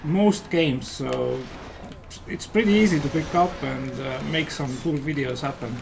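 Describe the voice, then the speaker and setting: Estonian man, high voice, rambling. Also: a little slow, gravelly, background noise. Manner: rambling and enthusiastic, many fillers. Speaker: game developer and guest player. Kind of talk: casual livestream chat while playing.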